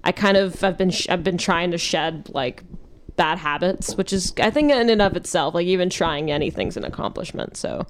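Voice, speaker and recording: A woman's voice: fairly low pitch, normal speed, slight background noise. A young woman hosting a podcast, talking in a rambling, reflective way with lots of fillers. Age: young adult. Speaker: podcast host. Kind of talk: casual chat.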